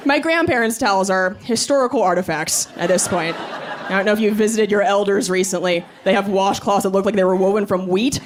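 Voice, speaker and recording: A woman in her thirties doing a stand-up comedy set, telling stories quickly with chuckles. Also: medium pitch, a crowd in the background. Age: 30s. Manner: fast animated storytelling with chuckles. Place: comedy club stage. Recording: live club with audience and room noise.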